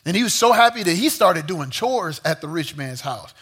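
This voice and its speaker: A man preaching a sermon to a young crowd, telling a story with lively, joking asides. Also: a little high, moderate pace, husky. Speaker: youth pastor.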